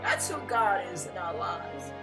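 A woman's voice: medium pitch, sing-song, unhurried, over music. A woman giving an emotional devotional sermon, fervent and emphatic, at times tearful. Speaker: devotional speaker.

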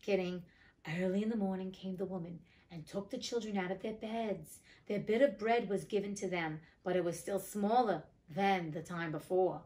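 A woman reading a fairy tale aloud and breaking off for blunt, profane, indignant commentary, her pitch swinging widely. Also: fairly even intonation, moderate pace, a little mellow. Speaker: audiobook reader and host.

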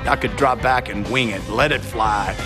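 A man in his seventies from the American South with a Southern accent, telling stories in a folksy, animated way in a documentary interview. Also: lowish voice, moderate pace. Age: 70s. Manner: animated, folksy storytelling with big swings in voice. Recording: music bed underneath.

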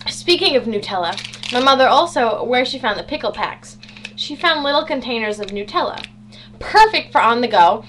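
A woman's voice: on the high side, expressive, normal speed, a bit bright, slight background noise. A teenage girl chatting casually on a home vlog, bubbly and self-mocking with sarcastic asides. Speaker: vlogger. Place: home bedroom.

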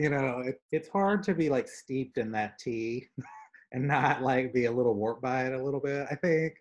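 Chatty Southern man, lively storyteller. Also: mid-range voice, normal speed. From American South. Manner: animated storyteller, many fillers. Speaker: artist guest. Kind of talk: casual conversation.

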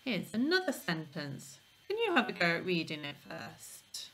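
A woman teacher giving a phonics lesson to young children, sounding out letters slowly and clearly. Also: on the low side, wildly swooping pitch, fairly bright tone.

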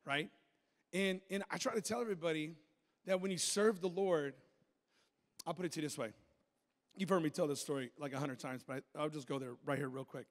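High-voiced pastor preaching in a reverberant hall. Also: male voice. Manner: animated, joking, conversational preaching. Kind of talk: sermon with personal storytelling. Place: church sanctuary. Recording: long reverb of a large hall.

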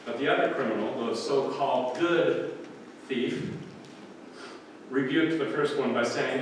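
A man's voice: mid-range voice, normal speed, slight background noise. Preaching man in an echoey church. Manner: earnest preaching with rising emphasis on quoted lines. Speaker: pastor. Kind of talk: sermon. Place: church sanctuary. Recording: echoey church hall, mic at a distance.

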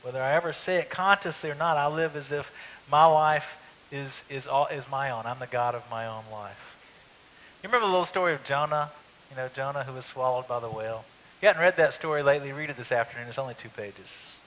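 A man's voice: mid-range voice, a little fast, a bit bright. A man preaching a sermon as pastor, telling the story in a conversational way with rhetorical asides to the congregation. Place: church sanctuary. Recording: hall reverb, faint hiss.

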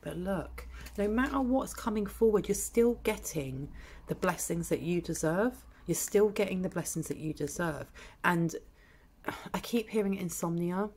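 Female tarot reader, lowish gravelly voice, blunt and chatty, cheeky. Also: animated, unhurried, darkish tone, slight background noise. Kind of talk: collective tarot reading.

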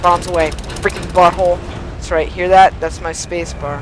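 Excitable teen guy over loud game noise. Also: high-pitched, moderate pace. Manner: excitable, yelps and pleads at the game. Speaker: gaming YouTuber. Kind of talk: let's play commentary. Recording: noisy game audio behind voice. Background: engine and gunfire game sounds.

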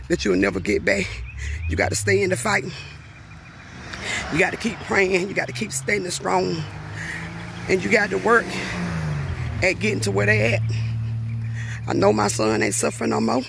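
A woman's voice: lowish voice, vocal fry, slight background noise. A middle-aged woman speaking in a heartfelt personal video message, grieving, emotional and earnest, often repeating herself. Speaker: grieving mother vlogger.

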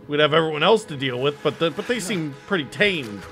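A man narrating his horror game playthrough, jokey and excitable with frequent cursing. His slightly high voice swings animatedly up and down. Game music plays clearly behind him. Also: brisk. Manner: excitable, jokey, swears freely. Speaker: gaming streamer. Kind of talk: let's-play commentary. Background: game music and sounds.

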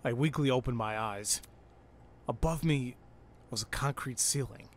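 Excitable man reading a game aloud. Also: medium pitch, a little slow, a little hiss or hum. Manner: excitable, swears and exclaims at the game. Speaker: let's play host. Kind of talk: reading a visual novel aloud with commentary.

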